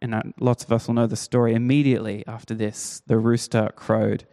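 A man preaching a sermon, telling the story with lively, acted-out quotes. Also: mid-range voice, brisk. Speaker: pastor.

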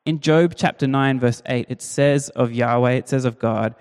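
A man's voice: mid-range voice, moderate pace, a little mellow. A man preaching a sermon in a conversational, emphatic way, asking his listeners rhetorical questions. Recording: long reverb of a large hall.

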